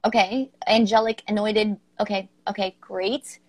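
A woman's voice: mid-range voice, steady tone, measured pace, darkish tone, no room sound. A woman co-hosting a poetry stream, chatting casually, swearing and laughing often, and reading poems aloud.

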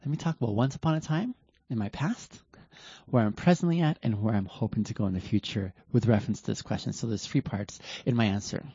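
A man hosts a reflective talk in a slow, earnest way, often stopping to restart a thought. His voice is mellow and a little husky. The sound is dry and dull, like a lo-fi recording. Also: lowish voice, dry recording. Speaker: host of a self-reflection talk.

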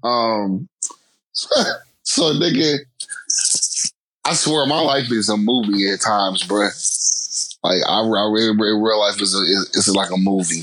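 Animated man telling a story, dry sound. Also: on the low side, no room sound, rough recording. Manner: animated, slangy, lots of profanity. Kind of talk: casual storytelling.

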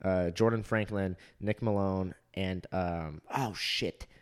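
A man's voice: sits low, steady tone, slow, smooth. Crude laughing young man telling stories. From Southern California. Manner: crude, storytelling, laughs often. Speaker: podcast co-host. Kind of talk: casual chat.

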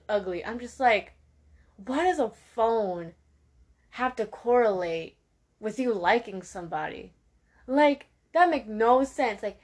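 A teenage girl giving a sassy, animated rant to her viewers, with laughing asides. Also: a little high. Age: teens. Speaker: vlogger. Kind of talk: casual rant to camera.

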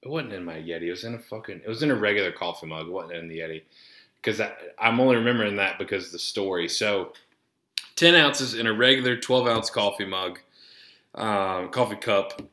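A man's voice: on the low side, fairly quick, pushed and bright. A man hosting a podcast, telling a rambling, profane story that keeps going off on tangents. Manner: profane, rambling, easily sidetracked. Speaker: podcast host. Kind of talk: casual rambling monologue. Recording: roomy echo.

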